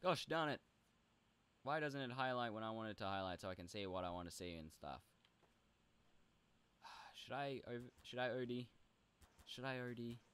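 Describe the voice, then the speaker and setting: A young man chatting playfully while playing a role-play game, often jumping into high goofy bits. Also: animated, normal speed, long pauses, fairly bright tone, smooth. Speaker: gaming video host. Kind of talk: casual role-play commentary.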